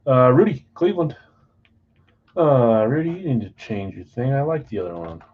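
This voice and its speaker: A man's voice: mid-range voice, lively intonation, normal speed, husky, phone-quality sound. A married man hosting a live card break, chatting casually and rattling off buyers' names and teams. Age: adult, married. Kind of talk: casual live-stream chat. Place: basement card room.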